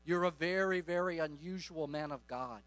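An insistent Caribbean man with a Caribbean accent, put on by a male preacher. He speaks low and emphatic and keeps repeating himself. The recording is dull and lo-fi. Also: normal speed, a bit bright, close to an everyday voice.

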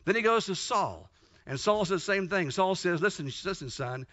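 A male preacher with a high, bright and tense voice delivers a fervent sermon. He tells Bible stories with emphatic repetition, captured on a dull, lo-fi recording. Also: lively intonation, moderate pace.

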